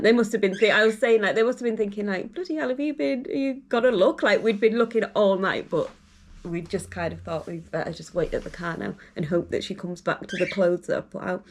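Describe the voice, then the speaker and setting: A woman's voice: medium pitch, slight background noise. A young woman telling a long story to camera in a rambling, casual way, full of fillers. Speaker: vlogger.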